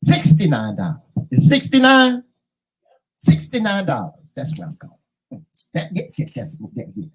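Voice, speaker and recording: A man hosting his own show, telling stories to camera in a casual, animated and profane way. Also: on the high side, measured pace, husky, rough recording. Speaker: host.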